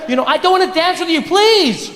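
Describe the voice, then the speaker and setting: A man's voice: very high-pitched, expressive, brisk, fairly bright tone, pitched above the performer's own voice. A man voicing a nervous, polite young woman turning down a pushy man at a bar, stammering and anxious. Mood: flustered. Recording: long hall reverb, faint noise.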